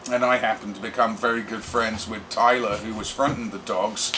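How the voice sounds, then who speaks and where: A middle-aged man, a rock musician telling stories in a brash, animated interview. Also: fairly low pitch, moderate pace, a little hiss or hum. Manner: brash, animated, does voices for quoted people. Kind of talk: casual storytelling interview.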